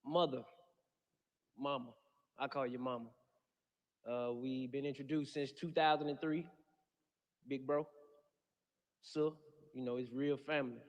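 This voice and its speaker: A man's voice: medium pitch, steady tone, a little slow, long pauses. A man giving an impassioned funeral speech with a preacher-like cadence, addressing the family and mourners in a large hall. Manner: speaks with passion, preacher-like cadence. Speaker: eulogy speaker. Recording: long hall reverb.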